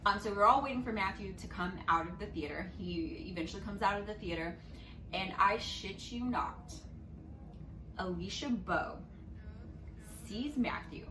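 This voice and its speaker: A young woman vlogger telling a story casually, with lots of expression and swearing, and she jumps into loud squeaky voices when she quotes people. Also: normal speed, recorded from a distance, background noise. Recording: echoey room, a little off-mic, music underneath.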